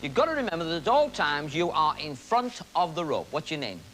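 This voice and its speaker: A man's voice: fairly high pitch, big pitch swings, brisk, a bit bright, slight background noise, rough recording. A man hosting a televised magic comedy act, joking and teasing the audience volunteers on stage.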